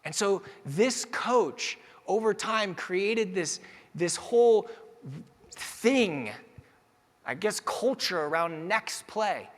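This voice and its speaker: A man's voice: high voice, slow pace. Man telling stories in a reverberant hall. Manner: personal storytelling that builds to energetic audience address. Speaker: keynote speaker. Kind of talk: motivational keynote storytelling.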